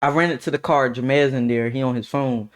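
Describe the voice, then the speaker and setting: A young man streamer telling a casual storytime to his chat in an animated, slangy way, often repeating words. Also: medium pitch, brisk.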